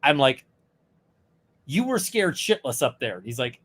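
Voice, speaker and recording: A man's voice: medium pitch, unhurried. A man, a lawyer co-hosting a casual chat, telling a courtroom story with lots of fillers and quoted dialogue. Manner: animated retelling with quoted voices, many fillers. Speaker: lawyer, podcast co-host.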